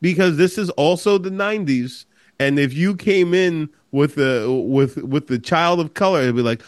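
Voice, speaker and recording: A man co-hosting a casual podcast chat, animated and laughing a lot as he jokes. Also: on the high side, normal speed, no echo, clean studio sound. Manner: animated, laughs a lot, swings his voice up when joking. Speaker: podcast co-host.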